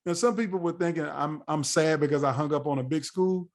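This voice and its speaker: Animated storytelling man, slightly high voice. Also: fairly quick. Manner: animated, acts out quoted voices. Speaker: podcast guest. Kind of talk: storytelling in a casual interview.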